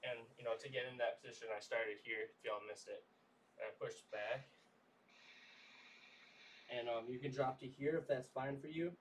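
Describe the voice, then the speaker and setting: A man leading a livestream workout, coaching stretches in a relaxed, chatty way. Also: medium pitch, moderate pace, pauses often, far from the mic, a little hiss or hum. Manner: easygoing, coaching with lots of "y'all" and "okay?". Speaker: fitness trainer.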